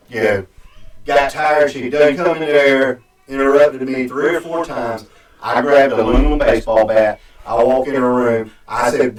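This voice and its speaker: A man spins a long story in a casual, rambling way. He stops and restarts often, and his voice rings around a roomy space, heard from some way off the mic. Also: medium pitch. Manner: rambling, halting, with many restarts and fillers. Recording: echoey room, distant mic.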